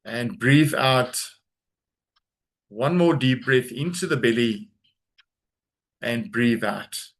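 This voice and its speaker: A man in a mid-range voice leads a webinar audience through a grounding and breathing exercise. He speaks slowly and soothingly over a video call, pausing often between his gentle instructions. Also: mid-range voice. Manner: slow, calm, soothing instructions with long pauses. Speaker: trauma coach leading a webinar.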